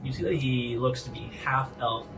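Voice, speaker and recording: A man's voice: medium pitch, steady tone, normal speed. A man narrating as game master in a casual, descriptive way with frequent fillers. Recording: distant mic with faint music.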